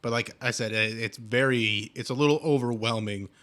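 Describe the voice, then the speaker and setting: A man's voice: mid-range voice, normal speed, a bit bright. A man in his thirties hosting a podcast in casual chat, rambling with lots of fillers and restarts. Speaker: podcast host.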